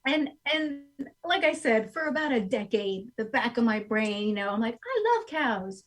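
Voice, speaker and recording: Animated woman in her forties. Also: a little high, moderate pace. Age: 40s. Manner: animated storyteller who acts out her past self in quotes. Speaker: guest, goat sanctuary owner. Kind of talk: casual podcast interview. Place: rural home.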